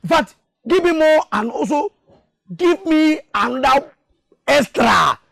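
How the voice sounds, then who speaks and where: Drunken village braggart, stammering, insulting, very high voice, animated. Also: male voice, slow, gravelly, dry recording, studio quality, exaggerated voice. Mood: drunken demanding. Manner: mocking, rambling, stammering. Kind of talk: Nollywood film acting.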